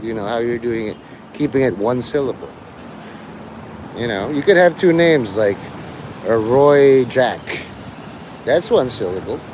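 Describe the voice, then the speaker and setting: A man's voice: medium pitch, darkish tone, slight background noise. A man livestreaming, rambling and teasing his chat, breaking into mock-angry, swearing rants.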